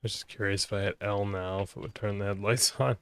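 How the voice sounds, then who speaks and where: A man's voice: lowish voice, steady tone, quick pace, fairly bright tone, clean tone, no room sound. A man giving casual let's-play commentary, sounding tired and mumbly, with offhand swearing. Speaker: gaming streamer.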